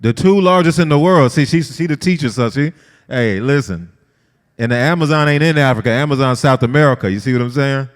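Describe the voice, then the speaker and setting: A man teaching a lively, conversational sermon-style lesson and asking his group questions. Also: medium pitch, fairly quick. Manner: lively, talks straight to the group, asks them questions. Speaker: Bible study teacher. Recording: long hall reverb.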